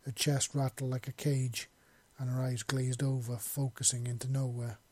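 Male narrator, warm dark tone, dry close sound, reads fiction and acts out the lines. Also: medium pitch, completely flat delivery, moderate pace, dry recording. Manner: acts out dialogue, shouting in grief scenes. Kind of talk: dramatic story reading.

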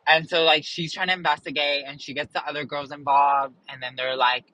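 A man talks in loose, rambling chat, with fillers and restarts and a self-mocking streak. His voice sits a little high and sounds sharp and forward. The sound is dry and close, with no room around it. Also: level tone, a little fast, hardly any pauses, dry recording, low-quality recording. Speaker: show reviewer.

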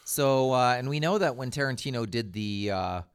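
A man's voice: medium pitch, animated, normal speed, a crowd in the background. A man co-hosting a casual movie chat, making wry joking asides. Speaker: podcast co-host.

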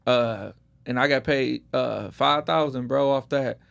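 A man's voice: mid-range voice, measured pace, vocal fry, fairly bright tone. Slang-heavy man telling his story. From Detroit. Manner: laid-back storytelling with street slang. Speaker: guest. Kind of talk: casual podcast conversation.

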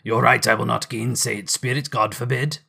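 A man's voice: medium pitch, steady tone, normal speed, creaky, pushed and bright, slightly rough, heavily acted. Scrooge, an old miser stirred by memory as a man voices him. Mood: uneasy. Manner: exclaiming, voice lifting with emotion. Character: old male miser, wistful and moved.

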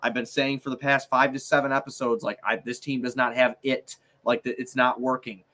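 A man's voice: medium pitch, little pitch movement, fairly quick, pushed and bright. A man co-hosting a sports podcast, ranting heatedly and swearing a lot. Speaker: podcast co-host. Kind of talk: casual sports podcast banter.

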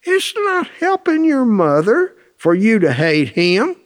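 A man's voice: high-pitched, wildly swooping pitch, takes it slowly. A man telling plainspoken, colloquial anecdotes with lots of quoted dialogue, in a folksy storytelling talk.

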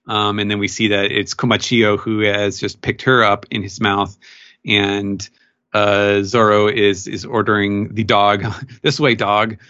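A man's voice: fairly low pitch, little pitch movement, a little slow, sharp tone, lo-fi sound. A man on a podcast casually recapping a comic chapter, rambling with lots of fillers and quoting characters in raised voices. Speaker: podcast co-host. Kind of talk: casual manga recap chat.

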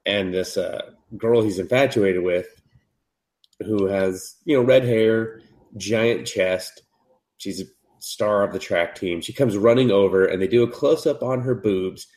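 Lower-voiced man recapping an anime, swearing. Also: measured pace. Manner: profane, animated retelling, jumps into high voices for characters. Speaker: podcast co-host. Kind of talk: casual chat, recapping an anime with acted quotes.

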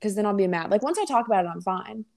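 A woman's voice: medium pitch, animated, fast, creaky, darkish tone. Chatty young woman full of fillers. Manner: chatty, many fillers, acts out quoted voices. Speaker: podcast co-host. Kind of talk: casual chat.

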